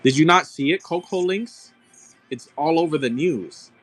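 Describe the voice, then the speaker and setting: A man running a live-stream card auction, ranting excitedly and cursing as he argues a point with his viewers. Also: fairly high pitch, moderate pace, soft background music. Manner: profane, excitable, argumentative ranting.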